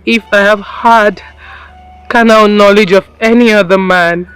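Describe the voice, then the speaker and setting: An actress playing Esther, a wronged young wife who swears an oath and later raves in madness, over film music. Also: female voice, medium pitch, fairly even intonation, a little slow, a bit bright, clear, resonant tone, close to an everyday voice. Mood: solemn. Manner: pleading then raving, agitated. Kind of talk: Nollywood drama acting.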